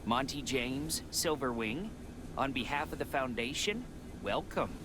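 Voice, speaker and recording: A nervous, plump office administrator voiced by a man in a video game. His polite words come out fumbling and his pitch bounces around. A clear noise bed runs behind him. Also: lively intonation, measured pace, close to an everyday voice.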